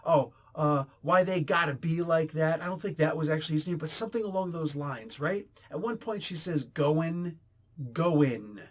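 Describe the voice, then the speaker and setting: A man reviews a comic book in a blunt, rambling, exasperated rant. His voice sits slightly high for a man. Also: fairly quick, few pauses. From New Jersey, US. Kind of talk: casual ranting review.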